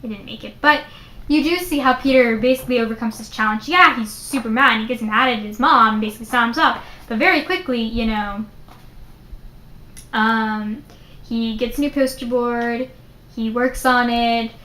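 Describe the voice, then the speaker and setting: A young woman with a fairly high voice talks through a favorite childhood book in a loose, animated vlog style, filling her sentences with "like." Her voice rings a little in a roomy, echoey space. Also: normal speed. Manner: chatty, many "like" fillers, animated retelling. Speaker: book reviewer. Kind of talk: casual book review vlog. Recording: roomy echo.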